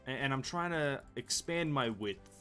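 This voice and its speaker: A man's voice: mid-range voice, expressive, normal speed, bright, forceful tone, faint music behind. A man streaming a video game, rambling casually with self-mocking asides, swearing freely and tripping over words as he reads game text aloud. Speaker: gaming streamer. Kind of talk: casual live-stream chat.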